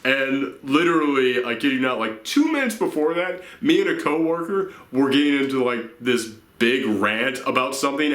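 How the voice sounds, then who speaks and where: A young man talks straight to camera, unscripted and a little rambling, tired from the late hour but earnest. His voice sits at a middle pitch with a bright, forward edge. The room around him is noticeably echoey. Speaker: YouTube channel host. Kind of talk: casual vlog to viewers.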